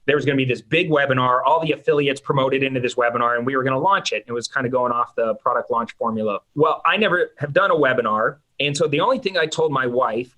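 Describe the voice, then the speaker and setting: Bright-voiced man telling a lively story. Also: medium pitch. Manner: animated, self-mocking storyteller. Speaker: podcast guest, entrepreneur. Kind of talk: storytelling in a podcast interview.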